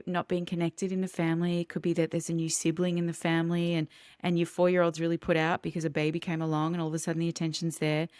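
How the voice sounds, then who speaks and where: A woman with a lowish voice, talking earnestly as a guest on a podcast. She lays out her ideas about children step by step and acts out vivid everyday examples. The sound is dry and close. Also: smooth, dry recording. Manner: earnest, explanatory, with vivid role-played examples. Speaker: parenting educator guest. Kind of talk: podcast interview.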